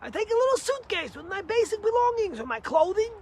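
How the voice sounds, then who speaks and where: A man's voice: very high-pitched, big pitch swings, brisk, slight background noise, pitched above the performer's own voice, exaggerated voice. A man voicing a proud, boastful rich man.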